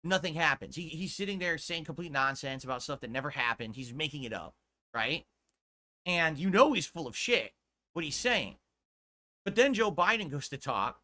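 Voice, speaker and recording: A man rants in a played-back streaming clip. His voice sits a little high and rings bright and sharp, and he swears freely as his exasperation builds. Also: animated, brisk. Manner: exasperated, profane, emphatic. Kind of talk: ranting commentary.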